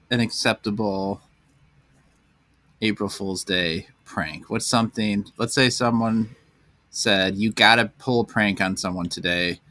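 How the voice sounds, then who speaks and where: A man's voice: lowish voice, a bit bright, no room sound, studio quality. A man co-hosting a podcast, playful and fond of spinning up joke scenarios. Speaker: podcast co-host. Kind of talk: casual chat.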